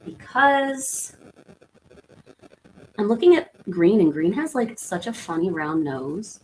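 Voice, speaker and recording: A woman's voice: medium pitch, big pitch swings, takes it slowly, a little mellow. A woman in her thirties hosting a livestream, chatting casually and rambling as she answers viewer comments. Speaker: livestream host. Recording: echoey room with faint background hum.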